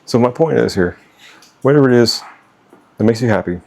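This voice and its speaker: Gravelly, blunt middle-aged man. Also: medium pitch, animated, brisk, a little mellow. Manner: blunt, profane, stumbling over words. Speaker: vlogger giving life advice. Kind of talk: unscripted talk to camera.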